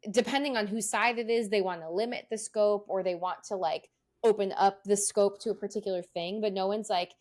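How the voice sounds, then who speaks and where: A woman's voice: medium pitch, steady tone, a little fast, a little mellow. A woman co-hosting a podcast, chatting casually, laughing often and swearing offhandedly. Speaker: podcast co-host. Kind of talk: casual chat.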